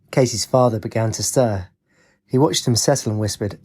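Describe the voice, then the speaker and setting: A man reading a fantasy audiobook as narrator, in a measured, even reading. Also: fairly low pitch, husky. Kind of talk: scripted narration.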